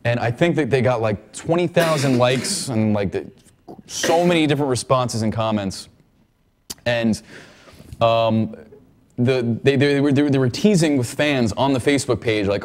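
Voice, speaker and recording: Rambling, excitable male podcast co-host. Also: medium pitch, normal speed. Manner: rambling, repeats words, enthusiastic about games. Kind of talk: casual chat.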